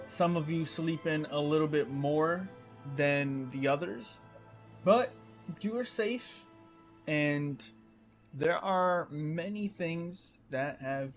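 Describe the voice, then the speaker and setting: A man narrating as game master of a tabletop game, in a slow, relaxed way. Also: fairly high pitch, soft background music.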